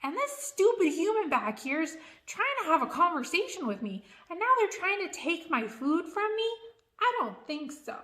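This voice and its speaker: A woman's voice: very high voice, sing-song, normal speed, sharp tone, pitched above the performer's own voice, exaggerated voice. Woman voicing a grumpy food-guarding dog. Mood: irritated. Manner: grumpy, irritated inner voice.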